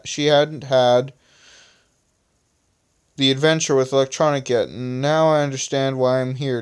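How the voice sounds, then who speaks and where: Man reading his own story aloud, casual, smooth clear voice, mid pitch, phone mic. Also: darkish tone. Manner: stumbles over typos and comments on his own text. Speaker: amateur reader of his own stories.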